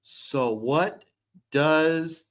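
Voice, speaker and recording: A man's voice: a little high, extremely slow. A man in his fifties hosting a casual livestream, rambling and swearing as he reads chat comments. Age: 50s. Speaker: livestream host. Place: hotel room.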